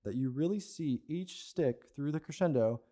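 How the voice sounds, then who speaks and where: A man's voice: on the high side, animated, moderate pace, dark tone. A man teaching an advanced percussion lesson, explaining patiently and checking in with "okay?" and "right?" as he goes. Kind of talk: instructional lesson.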